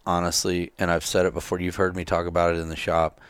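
A man's voice: sits low, completely flat delivery, fast, smooth, dry recording. A man in casual conversation who speaks bluntly, swears freely and acts out the people in his stories. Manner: blunt, profane storyteller who acts out quotes. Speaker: podcast co-host. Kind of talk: casual chat.

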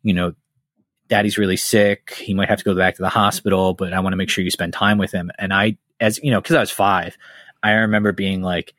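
A man's voice: low voice, little pitch movement, a little fast, a bit bright, dry recording, clean studio sound. A man hosting a podcast in casual chat, telling personal stories candidly, swearing freely and getting heated. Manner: candid, profane, heated storytelling. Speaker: podcast host.

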